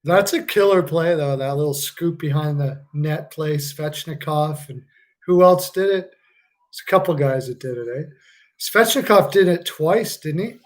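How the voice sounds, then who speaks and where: A man's voice: on the high side, unhurried. A man hosting a live stream, reacting casually to a hockey game. He jokes, laughs a lot and swears freely.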